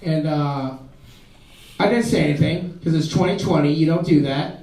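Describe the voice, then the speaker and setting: High-voiced man doing stand-up in an echoey club. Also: moderate pace, a little mellow, distant mic. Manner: conversational, self-mocking storytelling with quoted voices. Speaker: stand-up comedian. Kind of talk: stand-up comedy set. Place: comedy club stage.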